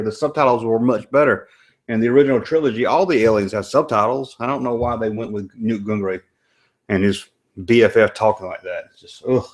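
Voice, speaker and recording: A man with a Southern American accent hosting a live stream, chatting and rambling as he reacts to a movie. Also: mid-range voice. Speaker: host. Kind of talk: casual live-stream commentary.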